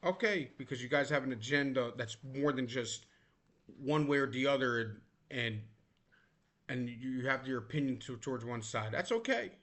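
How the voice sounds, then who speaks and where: A man's voice: medium pitch, animated, moderate pace, a bit bright. A man vlogging in a blunt, exasperated rant. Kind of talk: ranting commentary.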